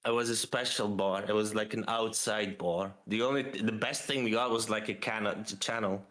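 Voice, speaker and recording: A man's voice: on the low side, fairly even intonation, fairly quick, a bit bright. A man in a casual voice chat, talking wryly and defensively, often chuckling at himself.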